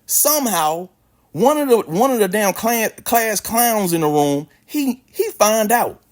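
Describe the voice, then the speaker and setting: A man with a high voice tells a casual, slangy story in no hurry, swearing freely and speaking with lots of animation and expression.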